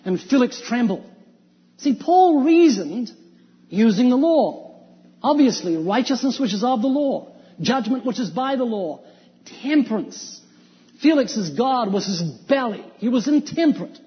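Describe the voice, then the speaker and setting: A very animated, unhurried preacher with a strikingly high voice delivers an evangelistic sermon, driving home each point with forceful rhetorical questions. Every phrase fades into a long hall reverb on a dull, lo-fi recording.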